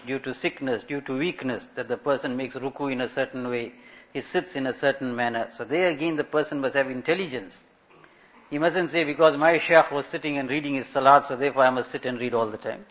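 A man of medium pitch, his voice a bit bright, gives a religious sermon as an Islamic scholar. He narrates stories, raises rhetorical questions and uses Arabic religious terms, heard through a dull lo-fi recording.

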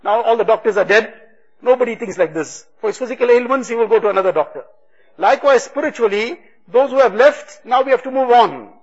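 A man giving a religious talk, retelling stories with quoted dialogue in a husky voice. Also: very high-pitched, lively intonation, fairly quick. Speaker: religious speaker. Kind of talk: sermon storytelling. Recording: dull lo-fi recording.

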